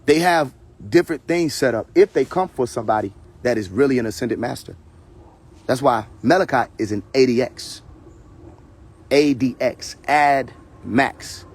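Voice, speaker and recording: A man on a live stream talks from his phone in a mid-range voice that's a little mellow with a breathy edge. Even so, his casual rant runs hot, combative and preachy, crammed with swearing and recurring phrases.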